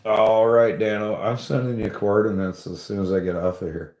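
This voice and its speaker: A man's voice: on the low side, flat delivery, moderate pace, a little mellow. A man telling a rambling, profane story in casual chat, laughing often and swearing freely. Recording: roomy echo.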